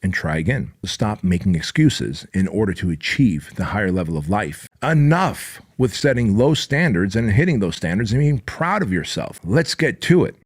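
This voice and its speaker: A man's voice: lowish voice, big pitch swings, moderate pace, few pauses, breathy edge. A man hosting a motivational podcast monologue, blunt and emphatic, swearing freely and hammering his points in punchy repeated lists. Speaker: podcast host.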